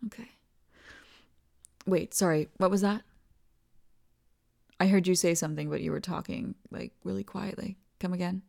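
A woman in a whispered role-play as a doting partner, talking softly and tenderly and often dropping into whispers. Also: fairly low pitch, fairly even intonation, normal speed, gravelly, pauses often. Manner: soft, tender, soothing, slips into whispers. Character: doting, reassuring partner comforting the listener.

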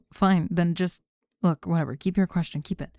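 A woman's voice: on the low side, fairly even intonation, moderate pace, warm tone, dry recording, studio quality, natural voice. A woman playing a bossy perfectionist student. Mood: resigned. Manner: bossy, sarcastic, exacting. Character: controlling young woman student, sharp-tongued perfectionist. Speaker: student in a group project. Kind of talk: scripted one-sided role-play monologue.

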